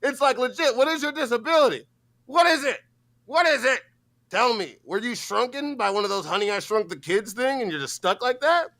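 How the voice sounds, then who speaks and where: A man co-hosting a livestream, reacting with loud, profane, mocking rants. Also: very high voice, animated. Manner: loud, mocking and rapid-fire. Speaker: co-host.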